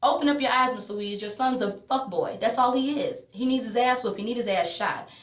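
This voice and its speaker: A young adult woman doing a casual, profane TV episode recap, blunt and sassy, with lively voiced quotes of the characters. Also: fairly high pitch, fairly quick, a little hiss or hum. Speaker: TV recap vlogger. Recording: echoey room.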